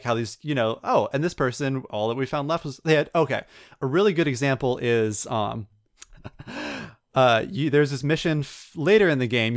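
A man co-hosting a podcast, chatting casually and retelling a story with lively acted-out quotes. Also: mid-range voice, no echo, studio quality. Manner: animated storyteller, acts out quotes. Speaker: podcast co-host. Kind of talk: casual chat.

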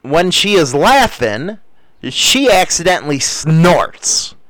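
Dude streaming, crude and swearing a lot, slow rambly talk, bouncy high-ish voice. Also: male voice, sing-song, fairly bright tone, no room sound. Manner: profane, rambling, crude jokes. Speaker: livestream host reading chat. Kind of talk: casual crude livestream commentary.

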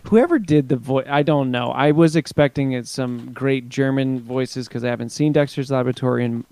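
A man's voice: mid-range voice, moderate pace, a little mellow, smooth. A man co-hosting a casual podcast, talking in a playful, teasing way with his co-host.

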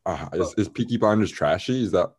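A man's voice: low-pitched, expressive, brisk, a little mellow, breathy edge. A man in a casual group chat, joking and teasing his friends.

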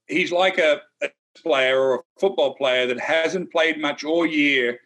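A former tour pro co-hosts a golf chat in a bright, forceful voice. He is blunt and emphatic, and teases his co-host now and then. His voice sits a little higher than most men's. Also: unhurried. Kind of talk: casual golf analysis chat.

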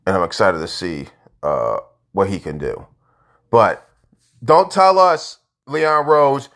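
A man ranting casually as a sports fan vlogger, frustrated, jumping between loud outbursts and low mutters. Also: expressive, takes it slowly, long pauses.

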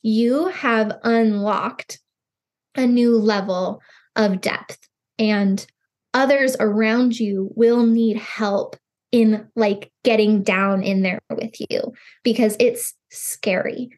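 A woman in her thirties, a podcast guest and grief counselor, talking in an earnest, expressive way with lots of "like" fillers. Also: fairly high pitch, slow. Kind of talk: casual conversation.

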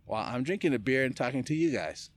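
Animated laughing man telling stories. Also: medium pitch, quick pace, no room sound. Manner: animated, laughing storyteller who swears casually. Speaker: podcast guest. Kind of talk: casual podcast conversation. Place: indoors, casual setting with a beer.

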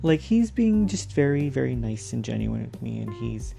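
A man with a gravelly, low-set, mellow voice rambles through a casual personal story. He strings thoughts together with lots of fillers and breaks into laughs. Faint music plays softly behind him. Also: big pitch swings, normal speed. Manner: rambling, loose, with many fillers and bursts of laughter. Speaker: podcast host.

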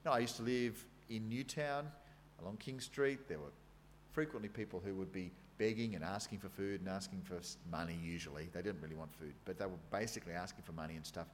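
A man's voice: low-pitched, fairly quick, slight background noise. An Australian man preaching a sermon. He tells the story in a conversational way and reads scripture aloud with dramatic emphasis.

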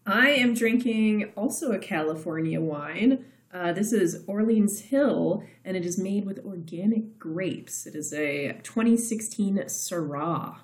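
Kansas gal with a texas drawl, vocal fry, chatty and laughy, roomy echo. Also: female voice, mid-range voice, expressive, unhurried. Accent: flat Midwestern with a Texas drawl. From Kansas, US Midwest. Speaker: podcast co-host. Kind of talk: casual chat over wine.

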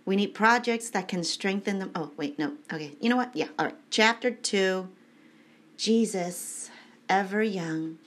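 A woman's voice: medium pitch, unhurried, fairly bright tone. A woman casually reading aloud at home and adding her own rambling, heartfelt, emotional commentary. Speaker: reader giving commentary.

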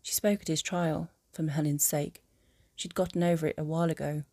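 A woman narrating a fan audiobook in a calm, even storytelling manner. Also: low voice, brisk, dry recording, studio quality.

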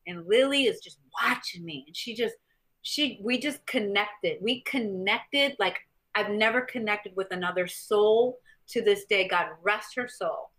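A middle-aged woman from the US Midwest, a guest telling animated stories in an interview and acting out other people's lines. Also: medium pitch, a little slow. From Missouri, US Midwest. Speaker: guest, former champion fighter and stuntwoman. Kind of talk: interview storytelling.

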